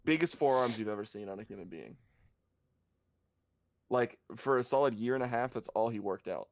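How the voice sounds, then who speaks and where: A man's voice: mid-range voice, expressive, moderate pace. A young man co-hosting a podcast, playful and riffing on running jokes in casual chat. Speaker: podcast co-host.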